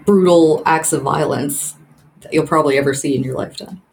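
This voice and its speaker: A woman co-hosting a podcast, reacting with quick expressive interjections. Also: deep voice, gravelly, rough recording. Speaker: podcast co-host. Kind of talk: casual chat.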